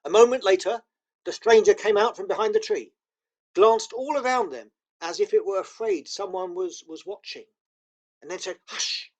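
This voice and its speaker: A man narrating a children's novel aloud with expressive storytelling. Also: sits high, normal speed. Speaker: audiobook narrator.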